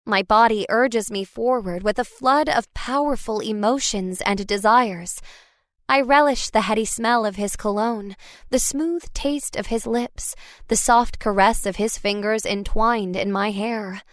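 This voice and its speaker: A woman reading a first-person story aloud as an audiobook narrator, expressive and wry. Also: medium pitch, a little slow, dry recording, clean studio sound.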